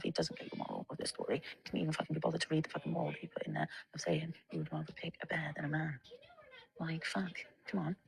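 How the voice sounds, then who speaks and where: A woman's voice: deep voice, gravelly, breathy edge, low-quality recording. A young woman in a casual monologue, ranting with lots of swearing and filler words. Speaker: vlogger.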